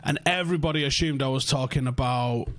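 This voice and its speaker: A man's voice: medium pitch, quick pace, a bit bright. A man hosting a casual football podcast, swearing freely and acting out quoted conversations. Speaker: podcast host.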